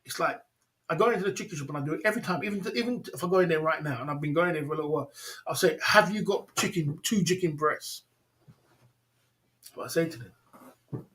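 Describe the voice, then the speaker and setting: A man hosting a casual livestream, telling a story in an animated, repetitive way, laughing often and calling his listeners bro and man. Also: on the high side, rapid-fire. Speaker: livestream host.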